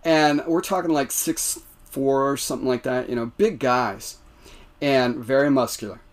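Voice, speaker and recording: An American man telling stories on a podcast, animated and laughing, with many restarts. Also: medium pitch, normal speed. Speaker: podcast guest. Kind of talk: casual storytelling.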